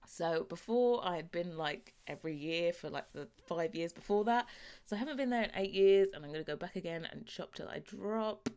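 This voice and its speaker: A young woman from London with a London English accent, chatting casually and rambling over gameplay, often breaking into laughs. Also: fairly low pitch. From London, England. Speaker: gaming YouTuber.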